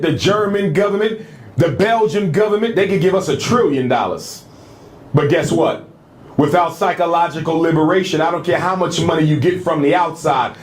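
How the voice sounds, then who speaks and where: A man's voice: a little high, echoey room. A man giving an impassioned speech to university students, building up his points in rhythmic, repeated phrases. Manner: rhythmic, repetitive oratory with rising emphasis. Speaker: speaker addressing students. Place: university lecture hall.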